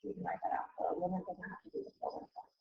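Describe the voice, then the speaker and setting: A woman's voice: very fast, slight background noise. A woman teacher giving a casual classroom math lecture, chatty and often correcting herself. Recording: dull lo-fi recording.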